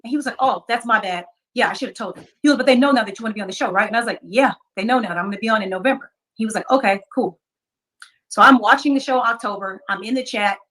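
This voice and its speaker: Woman, podcast guest, rapid casual storytelling, slightly high voice. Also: fairly bright tone. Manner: rapid, retelling conversations.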